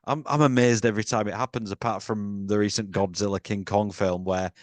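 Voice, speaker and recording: A man's voice: lowish voice, fairly even intonation, a little fast, no echo. A man co-hosting a film podcast in casual chat, rambling and swearing casually while acting out quotes. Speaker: podcast co-host.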